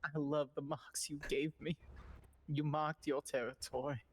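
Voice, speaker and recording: A streamer plays a lovesick Southern man reading his own love texts aloud. The drawl is put on thick and the delivery swoons and gushes. The pitch climbs high as the words get more overblown, over a faint background hiss. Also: little pitch movement, a little slow, natural voice. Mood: passionate.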